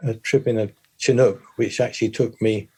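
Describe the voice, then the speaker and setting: An older man from the United Kingdom, a former pilot, chatting in an interview in a hesitant, halting way with many restarts. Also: lowish voice, steady tone, a little mellow, breathy edge. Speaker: guest, former RAF bomber pilot. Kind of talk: casual interview chat.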